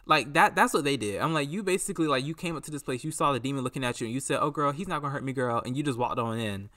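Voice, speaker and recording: Bright-voiced man rambling on a podcast. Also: mid-range voice, rapid-fire. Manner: rambling, animated, acts out quotes. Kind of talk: casual solo commentary.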